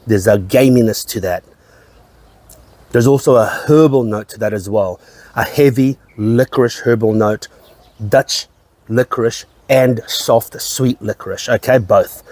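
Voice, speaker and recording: A man's voice: mid-range voice, a little slow, a little mellow, no echo. Man rambling through whisky notes. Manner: rambling, repeats phrases, swears casually. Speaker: whisky reviewer. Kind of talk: casual tasting-note chat.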